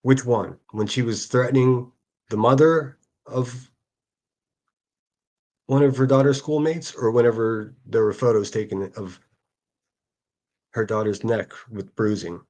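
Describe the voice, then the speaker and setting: A man's voice: mid-range voice, steady tone, measured pace, long pauses, darkish tone. A man hosting a solo livestream, reading out hostile comments and answering them in a sarcastic, profane rant. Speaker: livestream host.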